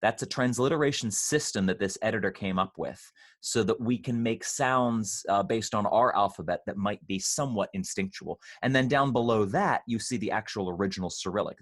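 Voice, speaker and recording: A man leading an online choir rehearsal, patiently explaining pronunciation and slowly demonstrating sounds. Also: fairly low pitch. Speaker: choir director.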